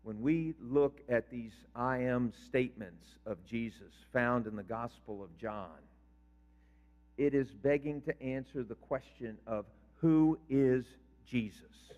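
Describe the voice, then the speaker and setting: In a church sanctuary, an older pastor delivers a conversational sermon, quizzing the congregation as he goes. He speaks slowly in a mid-range, slightly mellow voice, and the recording is reverberant and dull lo-fi.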